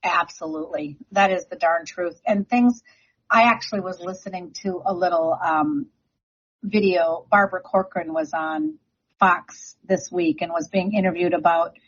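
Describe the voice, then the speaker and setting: A confident woman talks about the housing market on a radio segment, leaning hard on her points in a chatty way. Her voice is a little husky, with a frog in her throat, and the broadcast audio sounds dull and lo-fi. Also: lowish voice, steady tone, moderate pace. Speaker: real estate agent guest.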